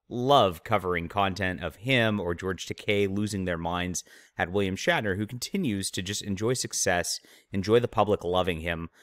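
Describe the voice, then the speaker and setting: A man with a somewhat low voice, hosting his own channel and delivering opinionated commentary full of mocking, scornful remarks. The sound is dry and close, with almost no room around it. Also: fairly bright tone, no room sound. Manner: mocking, sneering asides. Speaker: channel host, author.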